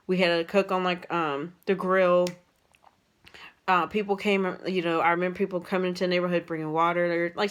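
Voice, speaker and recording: A young adult woman tells a personal story to her vlog audience in a casual, rambling way. Her voice sits a little low for a woman, and she leans on fillers and restarts as she talks. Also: a bit bright. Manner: rambling, many fillers and restarts, emotional retelling. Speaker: vlogger.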